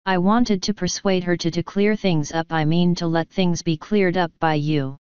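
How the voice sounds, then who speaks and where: A woman voicing an anxious, hesitant young male actor in an audiobook, speaking in a halting way. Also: on the low side, steady tone, darkish tone, clean tone, no room sound, close to an everyday voice. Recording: dull, dry lo-fi audio.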